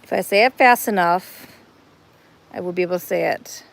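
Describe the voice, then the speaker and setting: A gravelly, fairly low-pitched woman's voice moves at a moderate pace as she live streams casually from her phone, wandering through an outdoor cat playground. She rambles on in a chatty way and is quick to laugh.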